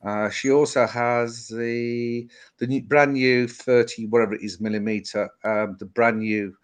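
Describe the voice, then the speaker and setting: A man's voice: mid-range voice, fairly even intonation, a little slow, clear, resonant tone. A middle-aged man from England chatting casually and at length on a live stream about his collection, rambling and laughing often. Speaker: guest watch collector.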